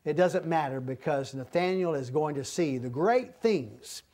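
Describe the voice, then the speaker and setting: Male Bible teacher, high-pitched, explains scripture verse by verse. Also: lively intonation, measured pace. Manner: explains verses, acts out the speakers' lines, then closes in a quiet prayer.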